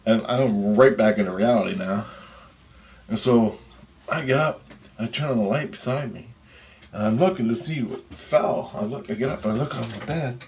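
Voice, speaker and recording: A man casually telling a vlog story, animated and full of swearing. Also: medium pitch, moderate pace, slight background noise. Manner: profane, animated retelling of a dream. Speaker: vlogger.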